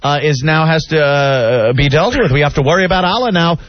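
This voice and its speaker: A man co-hosting a radio talk show, sarcastic and mock-righteous, deliberately provoking in casual banter. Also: fairly high pitch, no echo. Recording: dull lo-fi radio audio with faint music.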